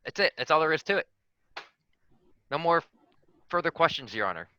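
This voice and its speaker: A man's voice: on the high side, very animated, a little fast, bright, forceful tone, muffled recording, voice pushed up. A man giving a boastful, crude comedic campaign speech as a tabletop player. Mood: cocky. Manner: boastful, swaggering, crude jokes.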